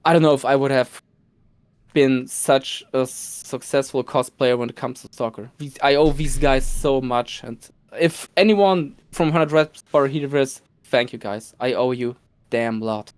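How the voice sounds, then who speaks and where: A man's voice: medium pitch, unhurried, darkish tone, clean tone. A man who is a cosplayer, guesting on a casual podcast, eager and laughing often.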